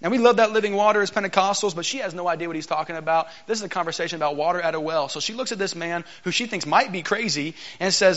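A male guest preacher giving a lively Pentecostal sermon in a church, joking and calling for the congregation's response, in a dull lo-fi recording. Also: high voice, fast talker, few pauses. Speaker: guest preacher, Bible college teacher.

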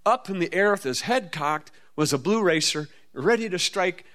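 A folksy, animated man from the Midwestern US near the Mississippi River preaches a storytelling sermon at a moderate pace. His delivery is marked by sudden high-pitched bursts.

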